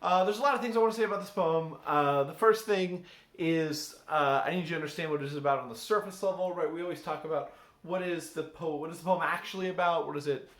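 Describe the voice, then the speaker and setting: A man's voice: fairly high pitch, quick pace, a bit bright. A male English teacher reading a poem aloud and explaining it to his class in a conversational way, often checking in with "right?". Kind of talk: recorded class lesson on a poem. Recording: roomy echo.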